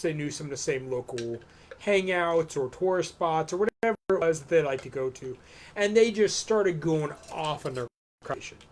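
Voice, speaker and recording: A man co-hosting a live stream show, telling a rambling story in a casual, profane way. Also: a little high. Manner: loose, profane, animated storytelling. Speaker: podcast co-host.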